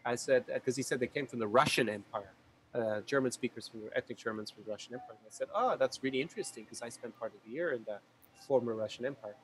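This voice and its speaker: A man's voice: medium pitch, a little hiss or hum, low-quality recording. A man who is a language YouTuber, telling travel stories with enthusiasm in a casual video call chat. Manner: fast, enthusiastic storytelling.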